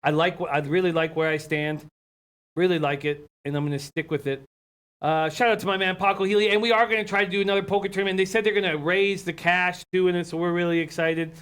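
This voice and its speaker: A man's voice: high-pitched, steady tone, fast, fairly bright tone, clear, resonant tone. A man co-hosting a casual sports betting show, talking through hockey and basketball bets in a conversational way.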